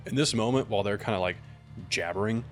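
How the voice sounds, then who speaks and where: Low-voiced man playing a tabletop game. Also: fast talker, soft background music. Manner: casual, describing actions. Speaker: player.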